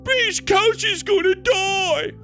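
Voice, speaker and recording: Guy doing a high, squeaky, panicky british bloke wailing like the world's ending, music going behind. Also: slow pace, sharp tone, heavily acted. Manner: wailing, melodramatic, mock-despairing. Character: whining panicky British man, fretful.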